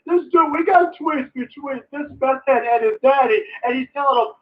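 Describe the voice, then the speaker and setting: High-pitched male streamer, sarcastic and profane political ranter, recorded on a dull, distant mic. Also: normal speed. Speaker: live streamer. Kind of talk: ranting political commentary stream.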